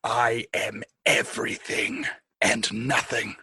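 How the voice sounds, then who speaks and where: A man voicing a menacing dark god who whispers solemn commands to a cultist, speaking slowly and gravely. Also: mid-range voice, level tone, no room sound, exaggerated voice. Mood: solemn, commanding.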